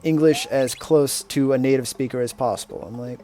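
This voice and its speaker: A man streaming a game and chatting casually, telling stories in a rambling, unhurried way. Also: medium pitch, steady tone, warm tone. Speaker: streamer and English teacher. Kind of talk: casual chat while playing a game. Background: faint video game music.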